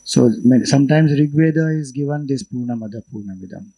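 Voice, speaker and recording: A man with an Indian English accent giving an unhurried scriptural lecture, explaining Vedic chants as a spiritual teacher. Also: mid-range voice, mellow, slightly rough, low-quality recording.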